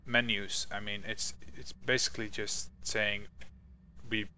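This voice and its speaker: Low, bright-voiced young man chatting games. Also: level tone, unhurried, poor audio. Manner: offhand, musing, trails off. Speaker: co-host. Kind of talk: casual game review chat.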